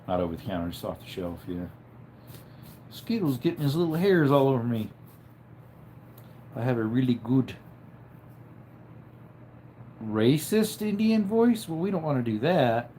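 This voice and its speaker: Tired and headachy, a man lies in bed at home chatting casually on a livestream, reading viewers' comments in a low-key, drowsy voice that trails off. The tone leans dark, and there's slight background noise.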